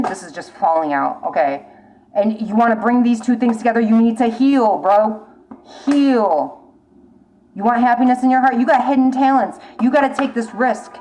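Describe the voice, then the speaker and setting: A woman's voice: on the high side, darkish tone, a little hiss or hum, low-quality recording. A woman giving a tarot reading to a viewer, talking bluntly and urgently, swearing often and repeating her warnings. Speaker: tarot reader. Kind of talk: casual spoken tarot reading.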